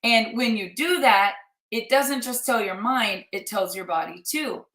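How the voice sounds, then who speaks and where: A woman's voice: a little high, unhurried, fairly bright tone, reverberant. A middle-aged woman and life coach giving an emphatic motivational talk, repeating her points for effect.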